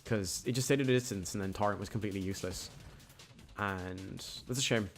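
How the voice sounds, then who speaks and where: Low-voiced man rambling over gameplay. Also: a little fast, soft background music. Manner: rambling, chatty, jokey asides. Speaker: gaming YouTuber. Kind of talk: casual gameplay commentary.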